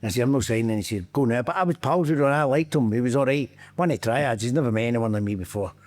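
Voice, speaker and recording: A man's voice: mid-range voice, fast talker. A middle-aged man with a Scottish accent tells anecdotes in a loose, chatty way. He jumps into other people's voices and breaks into laughter as he goes. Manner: animated anecdotes, acts out quotes, laughs often. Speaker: podcast guest, former footballer. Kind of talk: casual storytelling chat.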